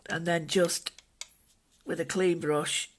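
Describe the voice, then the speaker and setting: Relaxed art tutorial voice, calm and gentle, mid-pitched, easygoing explaining, faint hiss and pen scratching behind. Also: takes it slowly. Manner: calm, gentle, thinking aloud while working. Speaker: mandala art instructor. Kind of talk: casual drawing and painting tutorial.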